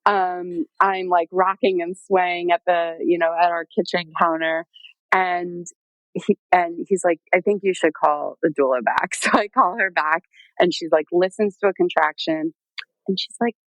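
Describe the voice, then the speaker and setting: A woman with a fairly low voice tells her story casually, filling her talk with "like" and "um" and acting out what people said. The sound is close and dry, with no room around it. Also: a little slow, no echo, poor audio. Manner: chatty, lots of "like" and "um", animated quoting. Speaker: podcast guest telling her birth story.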